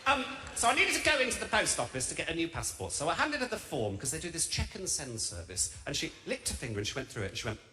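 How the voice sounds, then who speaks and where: A man's voice: fairly high pitch, very animated, fast, few pauses, pushed and bright. A young man with a Birmingham accent doing a stand-up routine, camp, chatty and self-mocking. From England. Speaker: stand-up comedian. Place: large theatre stage. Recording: live stage mic with heavy noise.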